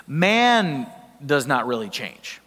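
A man's voice: medium pitch, very animated, slow, a bit bright. Man preaching in an echoing hall. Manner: conversational preaching, emphatic, asks the congregation questions. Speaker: pastor. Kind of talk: sermon. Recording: long hall reverb.

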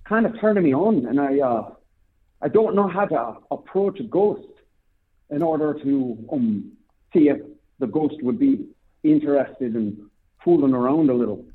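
A man's voice: mid-range voice, animated, normal speed. A man with an Irish accent calling in over the phone, sly and teasing. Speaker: prank caller. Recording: tinny phone line.

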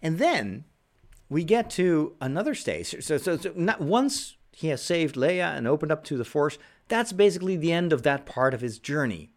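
A man's voice: a little high, sing-song, moderate pace. A man giving casual spoken commentary, thoughtful and loose, with frequent fillers and restarts.

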